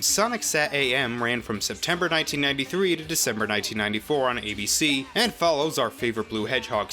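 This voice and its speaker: A man's voice: mid-range voice, pushed and bright. A young man delivering a sarcastic, profane cartoon review with a snarky, ranting manner.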